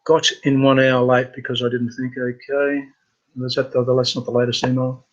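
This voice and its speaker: A man hosting a casual live computer training webinar, talking in a halting way with many fillers and restarts. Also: mid-range voice, flat delivery, lo-fi sound.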